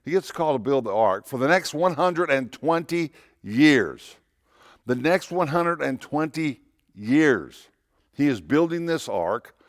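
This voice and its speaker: A man's voice: fairly high pitch, animated, a little slow, dry recording, studio quality. A man, a pastor, preaching a conversational sermon in church, repeating phrases and asking rhetorical questions.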